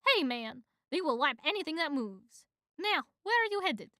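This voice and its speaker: Woman doing a brash loud mosquito guy. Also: high voice, sing-song, moderate pace, no room sound, clean studio sound, pitched above the performer's own voice, exaggerated voice. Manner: brash, shouting. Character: loud pushy male mosquito hitchhiker.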